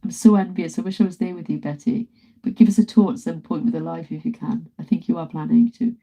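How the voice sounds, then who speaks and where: Brief: woman in her 30s, artist hosting a live stream from her home studio, chatty and giggly, very warm, dark tone. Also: low voice, fast talker, rough recording. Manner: chatty, laughs often, greets viewers. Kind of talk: casual live-stream chat.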